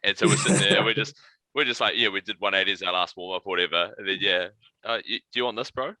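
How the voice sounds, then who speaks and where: A man's voice: deep voice, quick pace, sharp tone, no room sound. A man from New Zealand co-hosting a podcast, chatting in laid-back, sweary banter. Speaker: podcast co-host. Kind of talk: casual chat.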